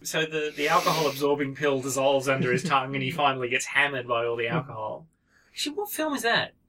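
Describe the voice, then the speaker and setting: A man co-hosting a casual film review podcast, animated, laughing often and swearing. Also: mid-range voice, fast talker. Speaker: podcast co-host.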